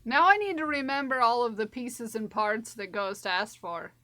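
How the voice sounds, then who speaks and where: A woman's voice: fairly high pitch, moderate pace, sharp tone, a little hiss or hum. A woman streamer chatting casually while crocheting, repeating her own phrases to herself as she works.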